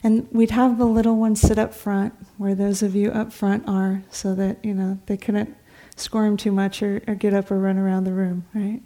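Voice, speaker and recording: A middle-aged woman, a meditation teacher, giving a dharma talk in a meditation hall, telling stories conversationally and sometimes dropping to a soft whisper. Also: mid-range voice, level tone, moderate pace, few pauses. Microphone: talk recording before a seated audience.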